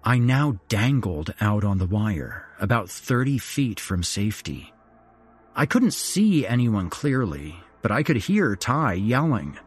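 A man's voice: lowish voice, a little slow, breathy edge, faint music behind. A man reading a first-person horror story in dramatic scripted narration. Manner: dramatic, expressive. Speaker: horror podcast host.

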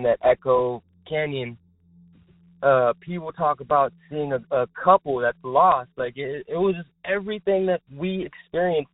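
Excitable young man on a tinny phone line. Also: on the high side, no room sound. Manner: excited, rambling, heavy use of filler words. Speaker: caller telling a paranormal experience. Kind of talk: casual storytelling. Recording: tinny phone line, dry, faint music.

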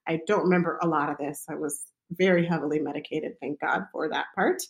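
With a somewhat low, steady voice, a midwife recounts something from her own experience, talking loosely and casually with lots of fillers. She goes a little fast, and the highs in the audio are cut off.

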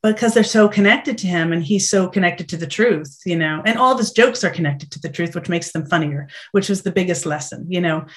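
A middle-aged actress chatting as an interview guest, telling lively stories and acting out what people said. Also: female voice, on the low side, a little fast, few pauses. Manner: animated storytelling, acts out quotes. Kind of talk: casual interview chat.

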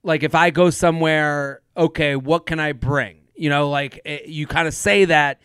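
A man chatting as a podcast co-host, his voice sitting a little high and sounding smooth and clean. He rambles and jokes, laughing easily between points. The recording is dry, with no room sound at all. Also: fairly even intonation, moderate pace, a bit bright, no room sound. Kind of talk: casual chat.

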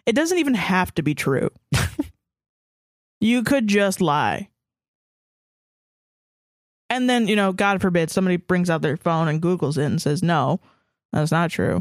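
A woman's voice: lowish voice, expressive, a little slow, long pauses, dry recording, clean studio sound. A woman co-hosting a podcast, telling blunt, profane stories in casual chat. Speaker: podcast co-host.

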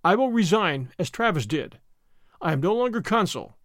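A man's voice: high voice, sing-song, normal speed, fairly bright tone, dry recording, clean studio sound. A man reading the part of an impulsive young American consul, talking in emphatic bursts. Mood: excited.

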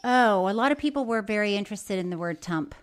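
A woman co-hosting a comedy podcast, chatting casually and reading listener mail aloud with a quick laugh. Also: medium pitch, animated, over loud music. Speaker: podcast co-host.

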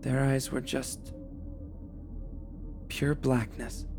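A man voicing a shaken, soft-spoken mother. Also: little pitch movement, very slow, over music. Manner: soft, hesitant, higher-pitched delivery. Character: sleepy, shaken middle-aged mother.

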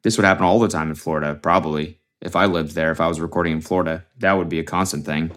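A man's voice: deep voice, fairly even intonation, fast, fairly bright tone. Profane man ranting on his podcast. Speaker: podcast host. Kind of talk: casual solo rant. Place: very hot room.

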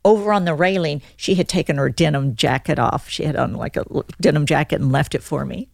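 Older woman, low voice with gravelly fry, lively storytelling, dry close sound. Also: brisk, dry recording. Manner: animated, acts out quoted lines in the story. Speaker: guest. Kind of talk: casual storytelling.

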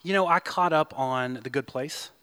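A man guest in casual chat with a dry, deadpan way of joking. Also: mid-range voice, moderate pace.

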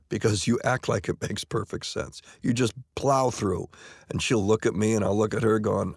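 A middle-aged man, a stage actor, talking in a relaxed, anecdotal way in an interview, often restarting and repeating words. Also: on the low side, moderate pace, vocal fry, husky, no room sound, clean studio sound. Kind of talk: conversational interview.

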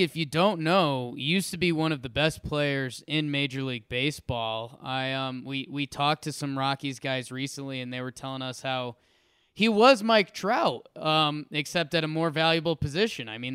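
A man co-hosting a sports podcast, rambling with enthusiasm and repeating his words. His voice is smooth and clear and fairly high, and it sits close to a dry mic. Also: fairly bright tone, dry recording. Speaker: podcast co-host. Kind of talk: casual sports podcast chat and ad read.

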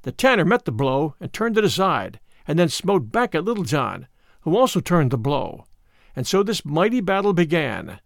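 A man narrating an old adventure story with a high, lively voice. His storytelling stays animated throughout. The recording is close and dry. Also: normal speed, creaky, no room sound. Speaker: audiobook reader.

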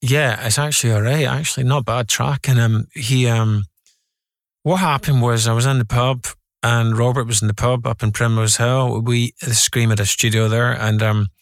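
A man's voice: mid-range voice, fairly even intonation, moderate pace, no room sound, studio quality. A man, a guest musician, telling loose rambling stories in a casual interview, full of fillers. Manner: rambling storytelling with many fillers.

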